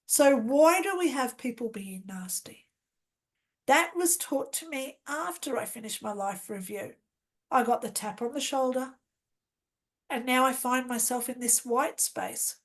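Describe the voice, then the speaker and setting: A woman telling her own life-changing story in an interview, in an earnest and emphatic way, acting out the lines she quotes. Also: high-pitched. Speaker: guest telling her near-death story.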